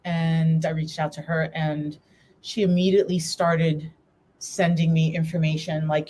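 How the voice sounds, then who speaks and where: A woman's voice: deep voice, little pitch movement, unhurried, mellow, a little hiss or hum. A woman guest in a live interview, telling a personal story in an earnest, candid way and acting out past conversations. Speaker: guest, breast cancer survivor and coach.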